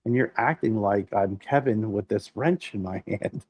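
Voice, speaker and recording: A middle-aged man with a low voice tells animated, profanity-laced stories on a casual podcast. He acts out the people he quotes as he goes. The sound is dry and close. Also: normal speed, dry recording. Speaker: podcast co-host. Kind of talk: casual chat.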